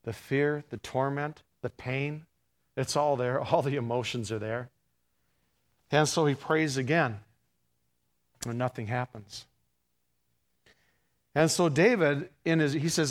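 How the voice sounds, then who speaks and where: A man preaching a storytelling sermon, moving from hushed retelling to fervent, raised passages. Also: medium pitch, a little slow, long pauses.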